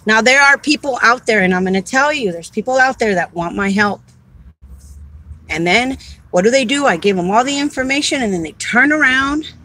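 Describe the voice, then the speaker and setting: A woman's voice: fairly high pitch, expressive, moderate pace, pushed and bright, poor audio. A woman and caregiver advocate talking casually on a livestream, heartfelt and rambling, repeating words as she goes.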